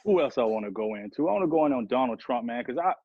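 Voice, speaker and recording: A man's voice: mid-range voice, lively intonation, racing, slightly rough, dry recording. A man ranting heatedly and profanely on a podcast, rambling from one grievance to the next. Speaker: podcast guest rapper. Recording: dull lo-fi sound.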